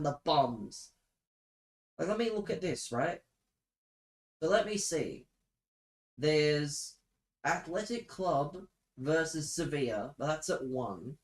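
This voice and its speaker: A young man rants to his live chat with sarcastic, exasperated profanity. His voice sits fairly high, and he drags out his words in a slow, drawn-out way. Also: lively intonation, poor audio. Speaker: streamer. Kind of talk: live-stream rant to chat.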